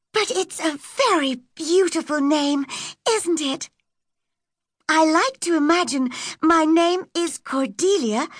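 A high, bright little orphan girl, as a woman reader puts her on, eager and dreamy, her voice leaping up and down as she chatters. She speaks slowly, and the recording is close and dry. It is an audiobook character voice. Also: no room sound. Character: chatty imaginative orphan girl, about eleven.

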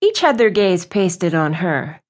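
A woman reading a romance novel aloud as an audiobook narrator, with smooth, even storytelling. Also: fairly low pitch, unhurried. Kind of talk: scripted narration.

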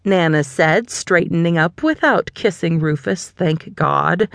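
A woman narrating a cozy audiobook in first person, her voice on the lower side and her telling wry and lightly amused. The sound is close and dry, with no room echo at all. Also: expressive, a little slow, vocal fry, few pauses, fairly bright tone.

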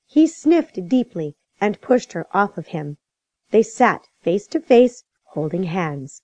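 A woman with a mid-range voice narrates an audiobook, reading the script in a measured, expressive way. There's no echo on the recording.

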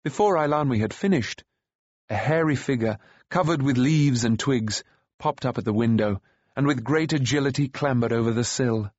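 A man narrating a children's fantasy audiobook in a steady storytelling reading. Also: mid-range voice, moderate pace, dry recording, highs cut off. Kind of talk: scripted narration.

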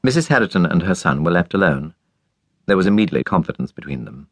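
A man narrating a classic novel, measured and lively, giving each character a voice. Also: deep voice, no echo. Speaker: audiobook narrator. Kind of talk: scripted narration. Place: dry recording booth. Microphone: close studio mic.

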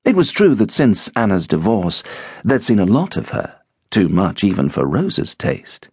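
A man narrating an audiobook in an expressive, measured storytelling manner. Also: on the low side, husky, dry recording, clean studio sound. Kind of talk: scripted narration.

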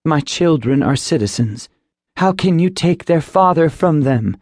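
A man's voice: fairly high pitch, expressive, unhurried, a little mellow, no echo, studio quality, voice pushed up. A male audiobook narrator voicing an earnest, insistent middle-aged mother. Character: woman, middle-aged mother, firm and pleading. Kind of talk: audiobook character voice.

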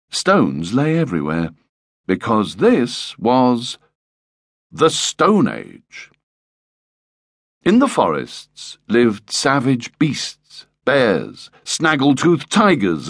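A man's voice: mid-range voice, no echo, studio quality. A man narrating a children's audiobook in a playful, lightly comic storytelling manner.

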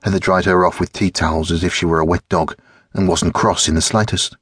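A man reading an audiobook in measured, even narration. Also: low-pitched, slightly rough, no echo, studio quality.

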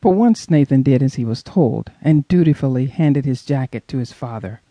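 A man narrating a suspense audiobook in an expressive storytelling manner. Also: medium pitch, moderate pace, no room sound. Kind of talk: scripted narration.

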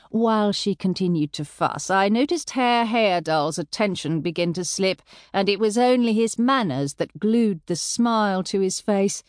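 Lively woman audiobook narrator. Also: medium pitch, moderate pace, no echo, studio quality. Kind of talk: scripted first-person narration.

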